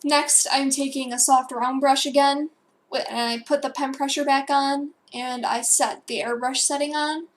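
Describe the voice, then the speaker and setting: Young woman, casual tutorial voice-over, high and monotone, light background noise. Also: normal speed. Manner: rambling, self-correcting, with fillers and asides. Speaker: digital painting tutor.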